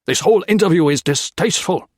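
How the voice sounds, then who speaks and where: A man's voice: high-pitched, expressive, quick pace, dry recording, studio quality, voice pushed up. A man reading an audiobook, voicing a cold, contemptuous Japanese army colonel who speaks curtly. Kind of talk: audiobook character voice.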